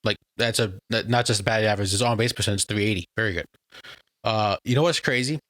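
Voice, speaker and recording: A man's voice: on the low side, quick pace, a bit bright, no room sound. Easygoing podcast man, dry mic. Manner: easygoing, chatty, runs the segments. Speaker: podcast co-host. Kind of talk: casual chat.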